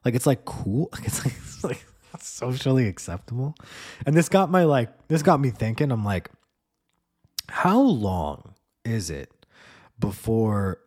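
A man's voice: medium pitch, lively intonation, moderate pace, darkish tone, slightly rough. A man hosting a podcast, rambling through a casual monologue with lots of fillers and swearing. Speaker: podcast host.

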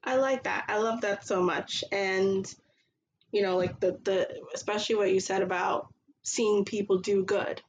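A woman's voice: mid-range voice, fairly even intonation, moderate pace, slight background noise, poor audio. A woman hosting a podcast, talking earnestly in casual chat with many fillers. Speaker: podcast host.

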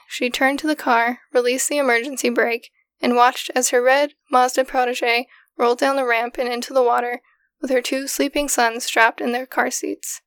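A woman podcast host recounting a case in a steady, matter-of-fact way, in casual storytelling style. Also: high-pitched, no echo. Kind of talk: casual true-crime storytelling.

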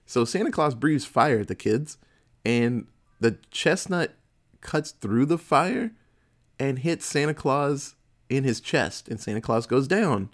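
A man's voice: mid-range voice, lively intonation, slow pace. A man in casual chat, retelling a movie plot in a profane, laughing storytelling manner.

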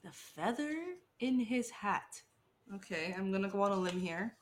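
A woman's voice: mid-range voice, normal speed, a little hiss or hum. A young woman co-hosting a casual game chat, laughing often and swearing freely. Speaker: co-host.

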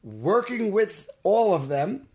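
Guesting on a casual studio podcast interview, an actor from Brooklyn, New York recounts his stories with earnestness, performing the quoted lines himself. He speaks slowly in a high, mellow voice that swings widely in pitch.

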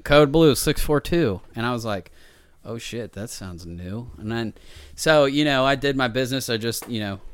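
A man telling a crude story in casual chat, profane and animated, acting out the voices he quotes. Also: mid-range voice, moderate pace, clear, resonant tone.

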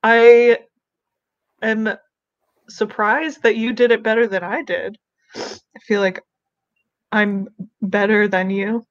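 A woman's voice: medium pitch, level tone, no echo. Playful woman co-hosting, muffled sound. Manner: playful, joking, quick to laugh. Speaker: podcast co-host. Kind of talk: casual chat.

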